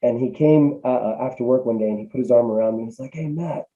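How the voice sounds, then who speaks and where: A man's voice: medium pitch, steady tone, fast, dark tone, dull audio. A man, a business coach guest, talking casually with many fillers and restarts over a remote call. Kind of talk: casual interview answers.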